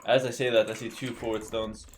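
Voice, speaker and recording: A young man from South Carolina streaming a game, talking casually with viewers in a relaxed, rambling way and often repeating words. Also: fairly low pitch, fairly quick, slight background noise. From South Carolina, USA. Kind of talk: casual live-stream chat.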